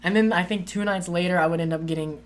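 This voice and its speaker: A woman's voice: on the low side, fast. A woman co-hosting a casual chat, telling a long story with many fillers and acted-out quotes. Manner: animated, acts out quoted voices with lots of "like".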